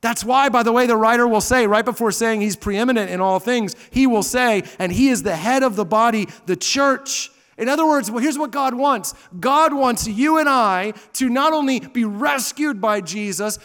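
A man in his thirties preaches from the front of a large church, his voice pitched high. He swings from loud, stressed points to soft, hushed asides, and a long reverb follows his words around the hall. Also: animated, normal speed, hardly any pauses. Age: 30s. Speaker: pastor. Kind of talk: sermon.

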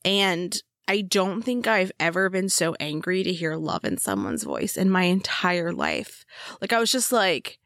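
A woman's voice: lowish voice, sing-song, measured pace, gravelly, a bit bright, no room sound, clean studio sound. A woman co-hosting a casual true-crime podcast, blunt and emphatic, swearing freely. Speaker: podcast co-host.

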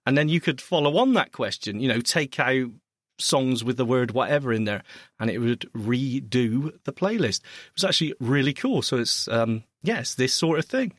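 A man co-hosting a tech podcast in casual chat, teasing and playful, quick to laugh. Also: mid-range voice, lively intonation, fairly bright tone, no echo, clean studio sound. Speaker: podcast co-host.

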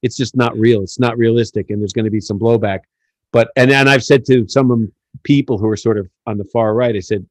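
A middle-aged man from the United States hosting a casual podcast, telling stories in an animated, joking way with plenty of fillers. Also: medium pitch, a little fast, no room sound. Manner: animated storyteller, jokey, many fillers. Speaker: podcast host.

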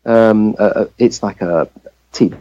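A man's voice: on the low side, a little slow, warm tone, lo-fi sound. An English man, a family physician, telling a personal story as a guest in an interview, and acting out the voices he quotes. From England.

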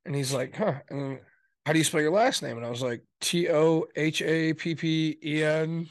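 A man's voice: fairly high pitch, moderate pace, dry recording. A man co-hosting a podcast, telling stories and acting out both sides of a conversation. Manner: storytelling, joking, acts out dialogue. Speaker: podcast co-host. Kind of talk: casual chat.

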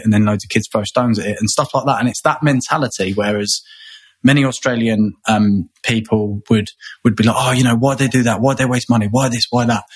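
A man from England talks as an interview guest, his voice a little husky and breathy. He rambles, restarts and repeats words as his thoughts come together. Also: lowish voice. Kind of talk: conversational interview.

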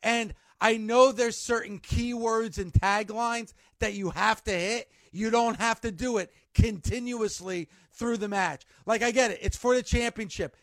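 A man's voice: high-pitched, dry recording. A man hosting a sports radio show, ranting emphatically with an exasperated, pleading push.

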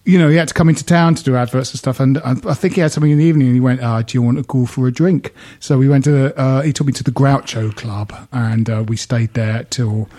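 A man co-hosting a podcast in casual chat, agreeable and quick to back others up, telling anecdotes. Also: mid-range voice, steady tone, warm tone. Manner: agreeable, frequent backchannel, anecdotal. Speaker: podcast co-host.

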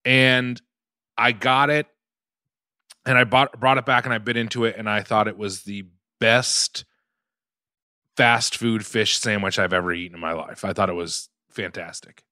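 A man co-hosting a casual food podcast, talking in a loose, chatty way and breaking in with quick reactions. His voice is bright, picked up close on a dry studio mic. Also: on the low side, flat delivery, smooth, no echo. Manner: loose, reacts with short exclamations. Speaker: podcast co-host. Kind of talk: casual comedic food review chat.

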